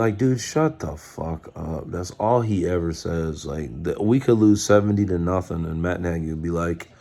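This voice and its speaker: A man with a low, deep voice rants as a sports fan, swearing freely and getting fired up. He mocks the people he talks about by putting on quick quotes of them. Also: warm tone. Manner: profane, fired-up ranting; mocks others with put-on quotes. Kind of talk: ranting fan commentary.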